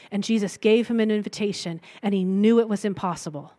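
A woman's voice: medium pitch, brisk, few pauses, dark tone. A woman preaching a sermon in a conversational way, retelling a Bible story and breaking into light laughs between points.

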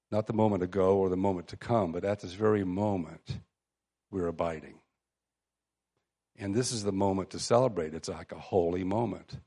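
Male preacher, low mellow voice, conversational sermon with scripture readings. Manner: reads scripture aloud, conversational with restarts and pauses. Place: room with a seated audience.

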